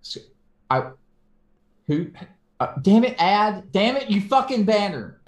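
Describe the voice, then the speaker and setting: A man's voice: sits high, big pitch swings, slow. A man co-hosting a casual podcast, teasing his partner and cracking crude, profane jokes. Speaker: podcast co-host. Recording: roomy echo.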